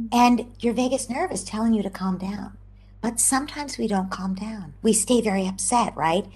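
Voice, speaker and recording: A woman psychologist giving animated, explanatory interview answers over a video call, at times dropping into a soft near-whisper. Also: mid-range voice, moderate pace, breathy edge. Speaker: psychologist guest.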